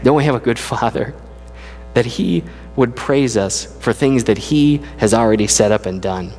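A middle-aged man preaching a sermon as a pastor, with earnest, conversational delivery that lifts in pitch when he speaks of praise. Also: normal speed, darkish tone, faint music behind. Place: church sanctuary. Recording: long church hall reverb.

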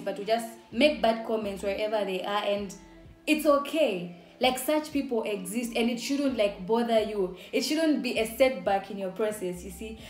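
A woman's voice: on the high side, darkish tone. Upbeat Zambian woman vlogging. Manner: upbeat, chatty, laughs often. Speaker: YouTuber. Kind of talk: casual vlog talk to camera. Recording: echoey room with faint music.

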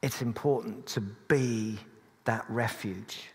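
A man's voice: fairly low pitch, slow pace, a little mellow. A man preaching a sermon in a church, earnest but with dry humorous asides. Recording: long church reverb.

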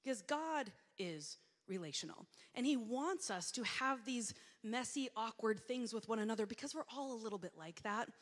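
A woman's voice: on the high side, animated, moderate pace, few pauses. A middle-aged woman giving a conversational sermon, telling self-deprecating stories and acting out her own reactions. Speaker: preacher. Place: church sanctuary. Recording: long hall reverb.

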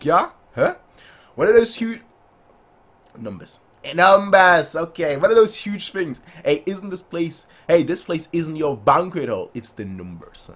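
A man's voice: fairly high pitch, sing-song, a little slow. Hyped guy reacting to manga, bouncy voice going all over, tosses in silly character voices. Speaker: manga reaction channel host. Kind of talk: excited manga reaction commentary.

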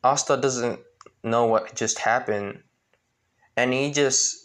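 A man retelling a fan story in a halting way, with many restarts and fillers. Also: medium pitch, fairly bright tone.

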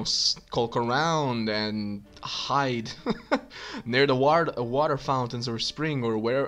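A man commenting on his own gameplay in a casual, rambling way. He thinks aloud and fills pauses with "uh". His voice sits at an ordinary mid pitch. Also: a bit bright. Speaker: let's play gamer.

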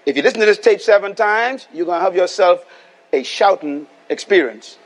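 High-voiced Bahamian preacher, emphatic. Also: male voice, lively intonation, normal speed. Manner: emphatic, repeats lines and calls for audience response. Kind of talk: sermon. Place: live venue before a congregation.

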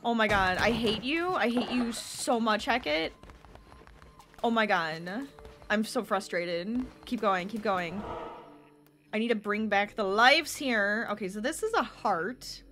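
A woman streaming a video game, chatting excitedly and reacting aloud to her viewers. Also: mid-range voice, unhurried, a little hiss or hum. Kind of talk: casual gameplay commentary.

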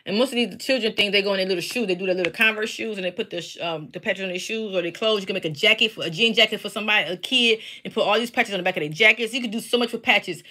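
Bright-voiced chatty woman crafter. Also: mid-range voice, rapid-fire, few pauses. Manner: chatty, talks straight to viewers. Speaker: craft seller and teacher. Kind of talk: casual live-stream chat. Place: home basement.

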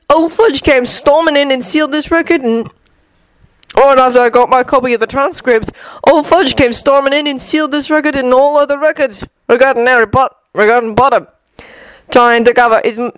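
A woman's voice: sits high, fairly even intonation, fairly quick, clear, resonant tone, no room sound, voice pushed up, lightly acted. A woman voicing a gossipy male wizard barkeeper who snorts at the news. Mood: indignant.

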